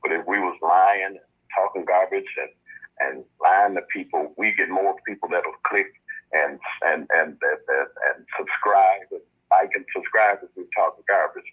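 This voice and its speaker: A man's voice: low-pitched, normal speed, slightly rough. A man calling in to a show, talking earnestly and at length, with lots of thanks, over a phone line. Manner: earnest, rambling, full of thanks. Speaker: caller. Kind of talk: casual chat. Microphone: phone call.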